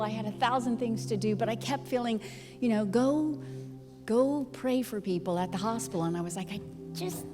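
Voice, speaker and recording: A middle-aged woman pastor telling a personal story in a sermon, acting out both sides of the conversation. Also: medium pitch. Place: church. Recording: long hall reverb with music behind.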